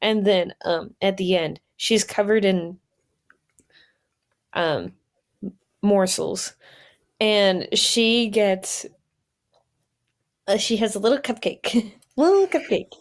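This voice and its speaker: A woman's voice: medium pitch, steady tone, takes it slowly, pauses often. A woman podcast host telling an improvised story in a casual, giggly way with many fillers.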